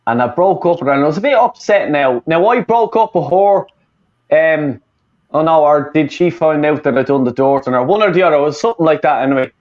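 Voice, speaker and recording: Swearing heavily, a football fan co-host from Dublin rants casually in his Irish accent, speaking fairly quickly with a fairly high pitch and lively intonation. The recording sounds muffled and lo-fi.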